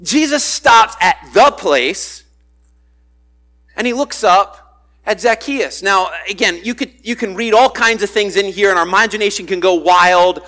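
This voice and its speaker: Male pastor, high and bright voice, preaching casually, playing out the quoted lines. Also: a little slow. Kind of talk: sermon.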